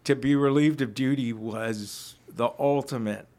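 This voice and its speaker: A man with a medium-pitched, slightly mellow voice, speaking a little slowly, earnestly recounts his personal testimony in casual conversation. He is a ministry founder appearing as a podcast guest, and his reflective telling is full of restarts.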